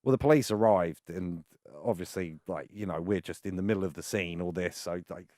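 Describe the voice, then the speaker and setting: A British man and adult film performer telling stories in a casual, animated way and acting out other people's lines. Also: low voice, a little fast, no echo, clean studio sound. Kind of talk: casual storytelling.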